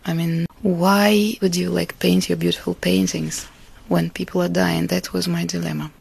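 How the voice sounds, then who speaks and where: Gravelly, husky Russian-born woman. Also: lowish voice, little pitch movement, normal speed. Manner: earnest, reflective, laughs softly between thoughts. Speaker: artist and interviewee. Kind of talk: interview answers.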